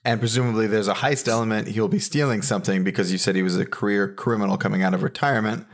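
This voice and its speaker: A man with a somewhat low voice hosts a comedy podcast. He asks dry, quizzical questions and recaps the joke with deadpan timing in casual banter. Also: fast. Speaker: podcast host.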